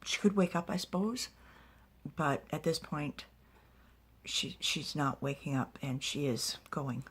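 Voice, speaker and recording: A woman narrating a fantasy story in soft, whispered ASMR storytelling with small asides. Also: deep voice, measured pace, husky.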